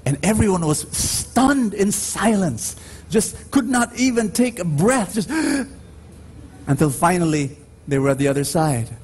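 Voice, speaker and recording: A man with a Filipino accent preaching a sermon in slow, emphatic phrases, his pitch swinging widely as he drives each point home. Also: sing-song, a little mellow, breathy edge. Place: church. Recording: faint background noise on a radio live stream.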